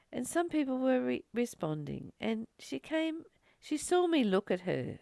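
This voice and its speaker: A woman talks through a spiritual lesson in a reflective, storytelling way. Her voice sweeps widely up and down, with a gravelly edge at the bottom. The sound is close and dry, with no room around it. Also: mid-range voice, no room sound. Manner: animated storytelling, with laughs. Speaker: spiritual teacher. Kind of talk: reflective spiritual teaching monologue.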